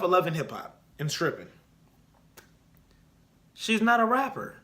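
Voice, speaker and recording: A young man hosting a casual solo podcast, giving opinionated and animated commentary and repeating his points for emphasis. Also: high-pitched, unhurried. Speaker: podcast host.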